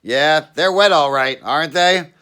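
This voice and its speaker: A man doing a gruff, suspicious city cop. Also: on the high side, measured pace, sharp tone, pitched above the performer's own voice.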